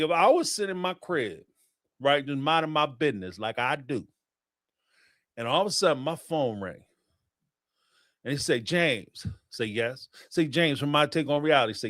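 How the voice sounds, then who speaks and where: Animated male livestream host with AAVE. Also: fairly high pitch, normal speed, pauses often, no room sound, studio quality. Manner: animated storytelling, laughs often, acts out phone calls. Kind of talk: casual commentary chat.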